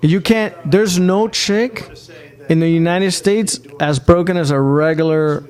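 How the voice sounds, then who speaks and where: A man with a somewhat high voice holds forth in a loose podcast conversation. He tells brash, crude stories full of swearing and leans hard on his punchlines by stretching them out. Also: measured pace, darkish tone. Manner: crude, boastful storytelling with heavy swearing. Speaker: podcast co-host. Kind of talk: casual podcast chat.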